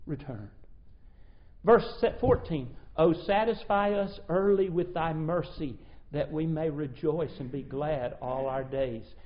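Man, preacher, earnest sermon delivery, loud then soft, lo-fi muffled recording. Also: on the high side, takes it slowly. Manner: earnest preaching that swells and drops in volume. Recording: dull lo-fi recording.

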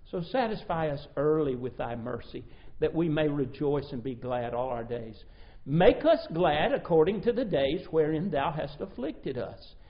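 A man preaching a sermon, reading scripture and speaking earnestly, his volume swelling and dropping. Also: a little high. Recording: dull lo-fi recording.

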